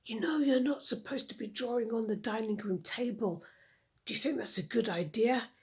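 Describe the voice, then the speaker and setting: Woman doing shrill bossy big sisters. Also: moderate pace, husky. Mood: scolding. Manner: scolding, alarmed. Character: bossy older sisters, worried girls.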